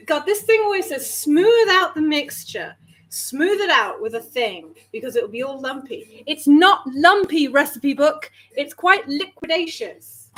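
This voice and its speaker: A woman's voice: sits high, fairly bright tone, a little hiss or hum, rough recording. A woman chatting to viewers while baking, flustered, nervous and self-mocking. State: nervous and overheated. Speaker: vlogger baking on stream. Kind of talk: casual chat while cooking.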